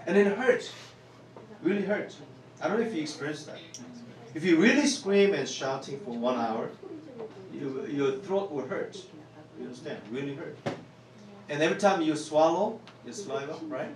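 A man with a Korean accent, a pastor preaching a sermon in an earnest, repetitive way that builds to loud exclamations. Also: a little high, expressive, normal speed, long pauses. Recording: roomy church hall, distant mic.

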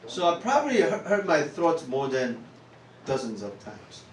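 A man with a Korean accent, a pastor preaching a sermon in an earnest, repetitive way that builds to loud exclamations. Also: a little high, big pitch swings, moderate pace, slight background noise. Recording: roomy church hall, distant mic.

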